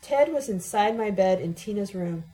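Woman, audiobook narrator, first-person reading, mellow voice, dramatic delivery, mid pitch. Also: lively intonation, moderate pace, low-quality recording. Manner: dramatic, emotionally charged reading.

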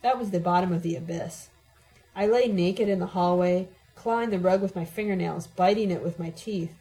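Mellow woman narrating a dramatic audiobook. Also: lowish voice, normal speed, low-quality recording. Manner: dramatic, emotionally charged reading. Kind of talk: first-person audiobook narration.

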